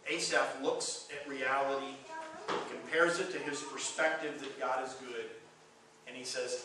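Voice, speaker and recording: A man's voice: medium pitch, steady tone, measured pace, background noise. A man preaching a sermon to a congregation, emphatic and often repeating words as he goes. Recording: echoey hall recorded from far off.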